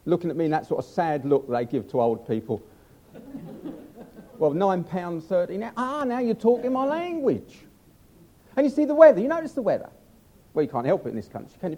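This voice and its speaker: A man's voice: extremely high pitch, warm tone. An older man preaching a humorous sermon, chatty and self-mocking as he tells stories.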